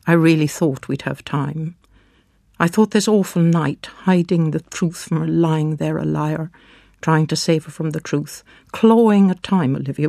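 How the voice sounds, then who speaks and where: A man narrating in the first person as a father, hushed and halting in anguish, in a dramatic storybook reading. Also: on the high side, gravelly, no room sound, clean studio sound.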